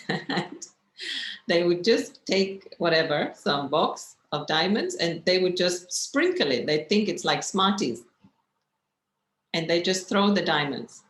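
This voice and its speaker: A woman, a spiritual teacher, telling stories in a gentle, reflective way and asking her listeners questions. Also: low-pitched. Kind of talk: storytelling talk. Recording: echoey room with faint noise.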